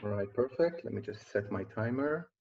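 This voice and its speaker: A man's voice: mid-range voice, animated, normal speed, a little mellow, a little hiss or hum. A man giving a competitive debate speech over a video call, arguing his case with many fillers and restarts. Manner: argumentative, frequent fillers and restarts. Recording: dull lo-fi online call audio.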